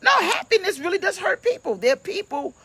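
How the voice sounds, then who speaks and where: A woman's voice: extremely high pitch, sing-song, fairly quick, a bit bright. A woman pastor, preaching casually on a livestream from home, playful and chatty as she greets viewers by name.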